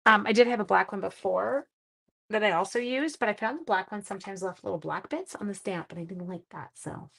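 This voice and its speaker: A woman's voice: medium pitch, expressive, fairly quick, creaky, a bit bright. A woman hosting a casual live-stream craft lesson, with an ordinary mid-range voice. She chats freely and pokes fun at herself. She mutters asides to herself between steps. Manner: chatty, self-mocking, talks to herself while working. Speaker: card-making demonstrator; seventh-grade teacher.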